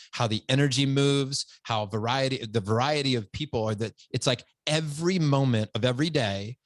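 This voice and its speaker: A man's voice: medium pitch, fairly bright tone, no echo. Enthusiastic man telling a story. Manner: enthusiastic storytelling, says "dude" a lot. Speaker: podcast host. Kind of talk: casual podcast conversation.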